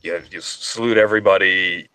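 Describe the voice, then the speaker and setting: A man's voice: sits low, fairly even intonation, moderate pace, pushed and bright, clean tone, dry recording. A man who is an Army sergeant telling a wry, profane anecdote in casual chat.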